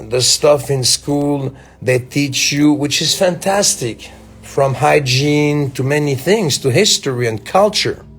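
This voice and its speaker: Slow gravelly man with a Belgian French accent. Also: mid-range voice. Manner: slow, musing, with halting restarts. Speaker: speaker addressing fans. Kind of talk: reflective motivational talk.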